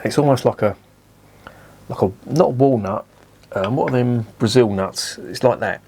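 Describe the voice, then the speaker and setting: A man's voice: medium pitch, normal speed, darkish tone, husky. A man giving a casual beer review, blunt and enthusiastic, swearing freely.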